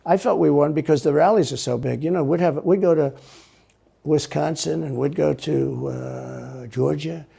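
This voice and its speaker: Man, gravelly, dark voice, rambling, repetitive, boastful interview talk. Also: on the high side, moderate pace. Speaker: interview guest. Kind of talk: played interview clip.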